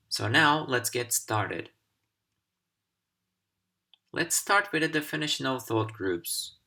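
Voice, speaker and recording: A man whose first language is Turkish presents an English pronunciation lesson at an unhurried pace. He speaks deliberately and articulates each phrase clearly, at a medium pitch. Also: bright, forceful tone. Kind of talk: instructional video lesson.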